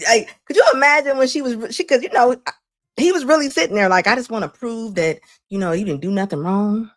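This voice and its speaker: A woman's voice: fairly high pitch, a bit bright, no echo, studio quality. A woman hosting a live stream, giving sassy, laughing reaction commentary. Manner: laughing, sassy, rapid asides.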